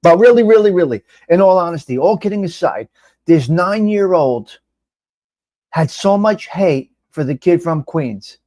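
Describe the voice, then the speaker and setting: A middle-aged man hosting a casual live-stream chat, rambling and animated, reading out viewers' names and swearing now and then. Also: high-pitched, a little slow, dry recording, studio quality. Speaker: live show host.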